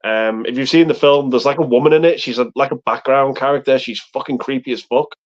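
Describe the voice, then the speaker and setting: A man in a loose, profane film chat on a live stream, wandering through his points and acting out movie lines. His voice sits at a middle pitch. The stream audio is muffled and lo-fi. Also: fairly even intonation, quick pace.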